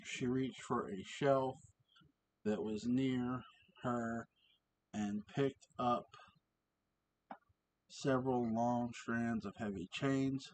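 Man, slow, halting home reader of his own story, mid-pitched. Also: steady tone, a little hiss or hum, poor audio. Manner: halting, slow, many ums, asides about his cats. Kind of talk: casual story reading. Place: home with cats around.

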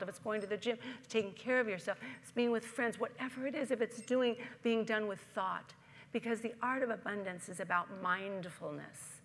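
A woman's voice: mid-range voice, long reverb tail. A woman minister giving a sermon, conversational, telling stories and asking the congregation questions. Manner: warm storytelling, conversational, asks the congregation questions. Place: church sanctuary.

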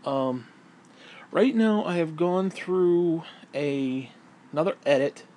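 A man's voice: a little high, animated, slow, mellow, a little hiss or hum. A man lying in bed, telling rambling, profanity-laced stories in a casual vlog and laughing at his own tales. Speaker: vlogger and self-published author.

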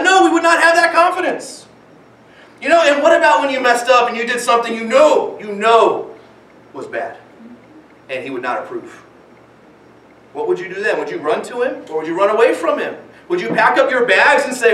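A man's voice: very high-pitched, expressive, brisk, bright, forceful tone, roomy sound, recorded from a distance. A man preaching a sermon as pastor, earnest, with many rhetorical questions and repeated phrases. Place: church sanctuary.

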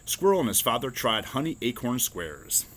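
A man reads a children's picture book aloud, telling the story expressively in a mid-range voice at normal speed.

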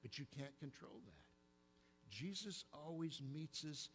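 A middle-aged man with an Oklahoma accent, preaching a sermon in church, telling stories in an animated way. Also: a little high, slow pace, a little hiss or hum, rough recording. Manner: storytelling, animated, acts out childhood fear. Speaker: pastor. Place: church sanctuary.

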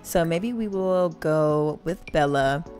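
A woman's voice: low voice, slow pace, darkish tone. A young woman giving chatty, giggly commentary on her game, talking to viewers as y'all. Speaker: gaming channel host. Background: game music.

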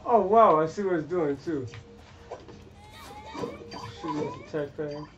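A man cursing and reacting loudly while playing a video game. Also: fairly high pitch, unhurried, muffled recording, over music. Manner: swearing, frustrated outbursts. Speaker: gamer. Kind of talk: gameplay commentary.

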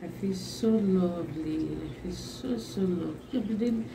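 Gushing woman, slow and repetitive. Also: on the low side, creaky, background noise. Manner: gushing, repeats exclamations over and over; laughs often between lines. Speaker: vlogger. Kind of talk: excited unboxing vlog.

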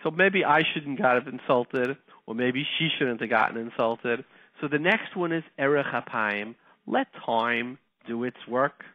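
A man, a rabbi giving a lecture, telling a story in a lively way and acting out the quotes. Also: mid-range voice, a little slow, dry recording. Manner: animated, acts out the quotes in his stories. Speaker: rabbi and speaker. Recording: tinny phone-like, dry sound.

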